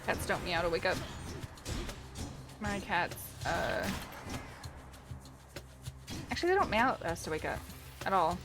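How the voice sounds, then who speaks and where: A woman's voice: on the low side, lively intonation, measured pace, long pauses. Chatty woman streaming a game. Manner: chatty, thinking aloud, reading game text. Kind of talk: casual gaming stream chat. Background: game music.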